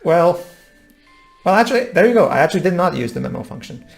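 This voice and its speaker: A man's voice: high-pitched, big pitch swings, fast, gravelly, soft background music. A man giving casual, rambling commentary on a game with friends, often restarting his sentences. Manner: rambling, many restarts, playful. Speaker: let's play commentator.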